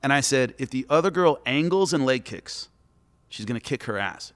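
In a casual podcast chat full of long echoey reverb, a former MMA fighter and commentator in middle age speaks at normal speed in a mid-range voice. As a guest, he tells animated stories and acts out whoever he's quoting.

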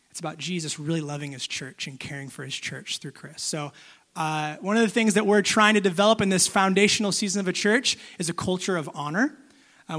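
A man's voice: high voice, a bit bright. A man serving as pastor, speaking earnestly to his church and introducing a guest speaker, with frequent restarts. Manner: earnest, many filler restarts. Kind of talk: sermon. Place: church hall.

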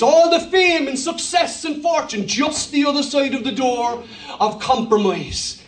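An Irish pastor preaching a humorous, lively sermon, rising to shouts at high points. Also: male voice, unhurried, echoey room, far from the mic.

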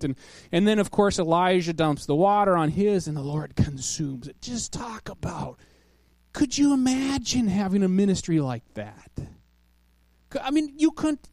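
A man's voice: sits high, darkish tone, no echo. A man preaching a sermon in a conversational way, asking his listeners questions and reading scripture aloud. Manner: conversational, asks the audience questions.

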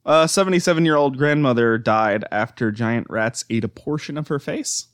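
Deadpan man reading notes, dry sound. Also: medium pitch, normal speed, clear, resonant tone, no echo. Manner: reads notes aloud with fillers and restarts, deadpan. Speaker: podcast co-host presenting research. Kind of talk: casual chat.

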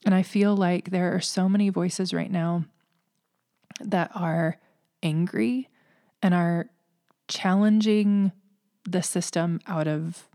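A woman's voice: lowish voice, fairly even intonation, slow pace, pauses often, warm tone, dry recording, clean studio sound. A woman hosting a faith podcast, speaking earnestly and emotionally in a heartfelt, preaching monologue. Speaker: podcast host.

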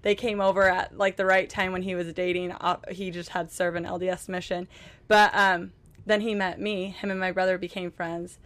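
A woman's voice: lowish voice, flat delivery, normal speed, fairly bright tone. A young woman from Utah, a podcast guest telling stories in a chatty, laughing way on a cruise ship. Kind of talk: casual chat. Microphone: podcast microphone.

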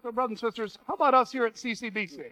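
High-voiced bright male preacher. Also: rapid-fire, no echo, low-quality recording. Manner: earnest, reads quotes aloud with emphasis. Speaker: pastor. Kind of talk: sermon.

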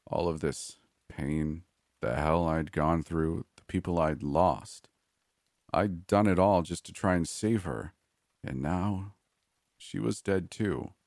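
A man narrating a first-person horror story in a measured, grim way. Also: low voice, gravelly, a little mellow, no echo, studio quality.

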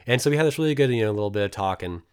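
Young American man, fairly low voice, casual storytelling, rambling, restarts a lot, swears, acts out quotes. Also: racing, clean tone. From United States. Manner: rambling, profane, animated retelling with many restarts. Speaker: traveler telling a story.

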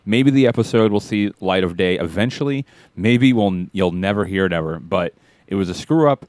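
A man's voice: low voice, expressive, moderate pace, a little mellow, dry recording. A man hosting a podcast in casual chat, rambling and self-deprecating. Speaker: podcast host.

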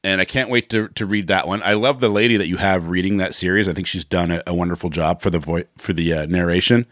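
Guy hosting a podcast, lowish voice, rambles and laughs a lot, dry close sound. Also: fairly even intonation, fast talker, a bit bright, no echo. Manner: rambling, laughs often, restarts. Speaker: podcast host. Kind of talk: casual podcast chat.

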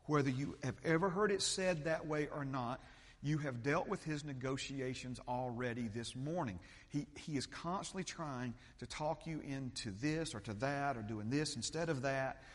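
Preaching man in an echoing hall. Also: moderate pace. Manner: preaching, swings between loud fervent peaks and low steady teaching. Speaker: pastor. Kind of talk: sermon. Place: church sanctuary.

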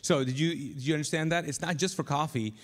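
A man's voice: on the high side, fast. A man preaching a conversational sermon live in church, telling a story with casual asides. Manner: conversational, chatty, frequent restarts. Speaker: pastor. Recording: live church hall reverb.

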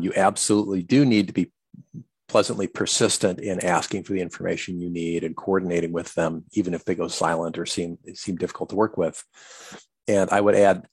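A man coaching listeners on client communication, earnestly acting out sample conversations with customers. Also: no echo. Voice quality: low gravelly husky voice. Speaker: business coach. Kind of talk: instructional talk on client communication.

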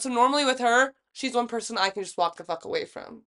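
A young woman co-hosting a podcast, telling a story in a casual, profane, animated way and acting out the quotes. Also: fairly high pitch, quick pace, clean tone. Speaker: podcast co-host. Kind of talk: casual chat.

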